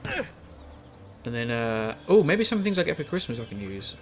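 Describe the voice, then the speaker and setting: A man's voice: medium pitch, big pitch swings, a little slow, slight background noise. A young man chatting loosely over gameplay, often correcting himself mid-sentence. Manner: rambling, self-correcting, chatty. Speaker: gaming YouTuber. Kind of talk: casual let's-play commentary.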